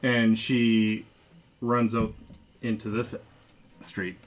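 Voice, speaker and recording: A man narrating as game master of a tabletop game, casual and halting, with many fillers. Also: lowish voice, level tone.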